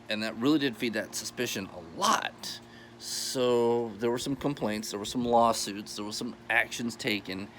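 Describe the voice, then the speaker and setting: A man's voice: lowish voice, fairly bright tone, slight background noise. An American man giving a casual, rambling history explainer, restarting his sentences and chuckling as he goes. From United States. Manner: chatty, rambling, self-correcting with chuckles. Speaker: history channel host.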